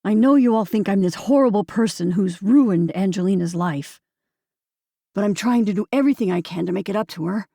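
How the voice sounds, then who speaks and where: An anxious young man, earnest and pleading as he tries to set things right, as a woman reads him aloud. The voice is mellow and gravelly, sitting close and dry. It is an audiobook figure with a steady middle pitch. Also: brisk, no room sound.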